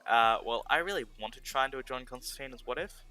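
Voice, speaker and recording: A man with a South Australian accent chats casually while gaming on a stream, rambling, being sarcastic and often correcting himself. His medium-pitched voice is quick, pushed and bright, with faint music in the background.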